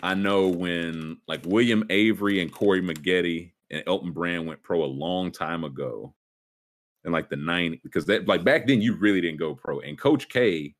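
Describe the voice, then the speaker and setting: A man with a low voice hosts a casual sports podcast at normal speed, rambling with fillers and restarts. He comes across as sarcastic and wry.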